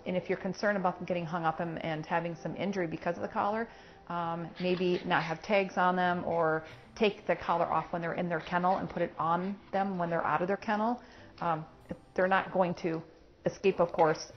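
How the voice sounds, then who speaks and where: A woman's voice: lowish voice, muffled recording. A woman dog trainer explaining steps in a practical way while working with a puppy at home. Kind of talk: hands-on training lesson.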